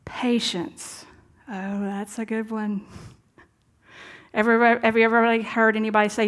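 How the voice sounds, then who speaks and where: A woman's voice: fairly high pitch, flat delivery, a little slow. Earnest woman preaching conversationally. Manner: conversational, earnest, drops to soft asides. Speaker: minister. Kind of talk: sermon. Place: church sanctuary.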